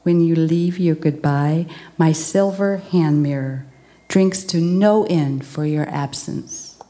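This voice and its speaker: A woman giving a poetry reading in a slow, deliberate recitation. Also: deep voice, mellow. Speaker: poet.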